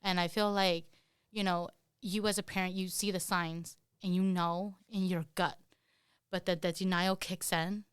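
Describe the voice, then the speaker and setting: A woman speaks in an earnest, heartfelt way as a podcast guest, her voice sitting a little low for a woman. She talks in loose, conversational runs full of fillers. The recording is close and dry, with no room echo. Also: little pitch movement, measured pace, clean tone. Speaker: guest, parent of an autistic child. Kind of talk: candid conversational interview.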